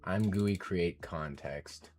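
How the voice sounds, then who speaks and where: A man's voice: deep voice, slow pace, a little mellow. A man live-streaming his coding, thinking aloud as he works, muttering code names and getting frustrated at bugs.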